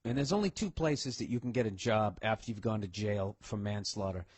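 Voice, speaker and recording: A man telling a profane story on stage as a stand-up comedian, loud and swearing, acting out the characters he talks about. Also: fairly low pitch, brisk, husky, dry recording.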